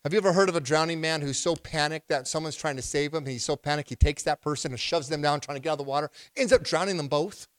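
A male pastor preaching a sermon, asking the congregation questions and building to loud, emphatic bursts. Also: a little high, quick pace, few pauses, dry recording.

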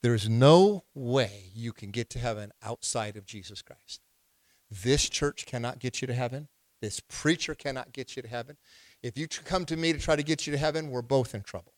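A male pastor preaching a sermon, asking the congregation questions and building to loud, emphatic bursts. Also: mid-range voice, normal speed, no echo.

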